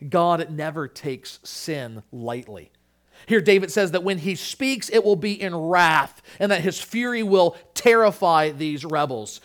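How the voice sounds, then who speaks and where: A man's voice: fairly high pitch, animated, measured pace, fairly bright tone. A male pastor preaching a sermon, earnest, often restarting his words.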